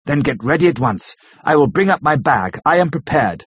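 A grave old professor speaks in slow, formal, halting phrases, commanding but kindly, as a male reader puts him on. The voice is husky. The recording is dull and lo-fi. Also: on the high side, big pitch swings, fairly bright tone, no echo, exaggerated voice. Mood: urgent.

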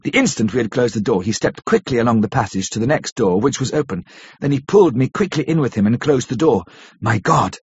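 A man narrating a classic novel as an audiobook in a measured, steady storytelling manner. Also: medium pitch, slightly rough, dry recording. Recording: dull lo-fi recording.

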